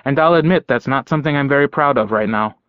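A man voicing a wry young man with a dry, deadpan wit. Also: mid-range voice, fast, clean tone, no room sound, close to an everyday voice. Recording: slightly dull dry audio.

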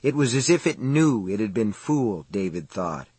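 A man reads a novel aloud in a measured, dramatic way. His voice is husky, and the recording is close and dry with no room sound. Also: lowish voice, no room sound. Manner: steady, measured, dramatic reading. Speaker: audiobook narrator. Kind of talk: scripted narration.

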